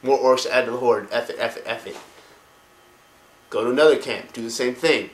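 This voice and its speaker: A man casually retelling game lore in an excitable, slangy, profane way. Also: mid-range voice, fairly quick, long pauses. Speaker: lore video host. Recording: echoey room.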